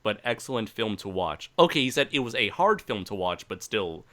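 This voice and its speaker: Lively bright-voiced podcast host. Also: male voice, fairly low pitch, a little fast. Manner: laughing, playful, reads out chat comments. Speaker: podcast co-host reading chat. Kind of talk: casual podcast chat.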